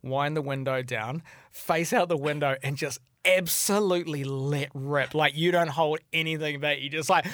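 A man's voice: fairly high pitch, normal speed, no echo, clean studio sound. A young man co-hosting a podcast, chatting casually and joking crudely with lots of laughter. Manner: animated, laughing, crude jokes. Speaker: podcast co-host. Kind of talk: casual chat.

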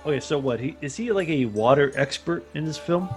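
A man's voice: fairly high pitch, lively intonation, a little fast, faint music behind. A man joking crudely about a movie with friends, laughing and mimicking lines. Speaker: movie riffing commentator. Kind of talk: crude comedic movie commentary.

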